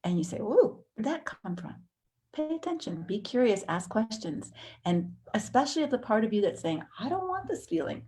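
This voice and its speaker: A woman teaching a counseling course in a conversational way, acting out inner thoughts with sudden jumps in pitch. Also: expressive, moderate pace, mellow.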